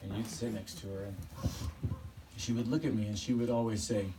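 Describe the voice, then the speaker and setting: Man, eulogy at a memorial service, fond and halting, recorded from a distance with steady background noise. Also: lowish voice. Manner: halting, fond storytelling, often chuckling. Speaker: family member giving a eulogy. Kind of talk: personal eulogy with stories.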